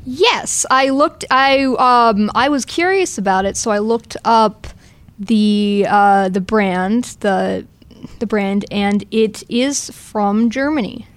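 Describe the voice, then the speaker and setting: A woman's voice: mid-range voice, slow pace, no room sound. A young woman as a radio guest, talking hesitantly with lots of ums and likes. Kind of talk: casual on-air chat.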